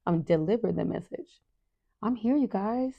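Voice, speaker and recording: A middle-aged woman hosting a parenting podcast in a casual, earnest monologue. She often asks "right?", calls her listeners "you guys", and sometimes drops to a soft whisper for emphasis. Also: medium pitch, expressive, moderate pace, gravelly, lo-fi sound.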